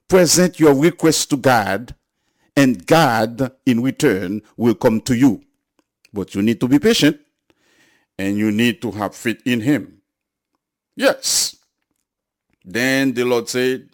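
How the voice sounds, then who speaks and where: Male preacher, sermon, unhurried delivery, repetitive phrasing, swells into loud emphatic appeals. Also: mid-range voice.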